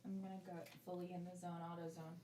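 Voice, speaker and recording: A woman's voice: on the low side, flat delivery, fast talker, warm tone. Woman, musician host, casual chat between songs, talks straight to the audience. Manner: chatty, loose, talks to the audience. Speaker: musician hosting a livestream concert.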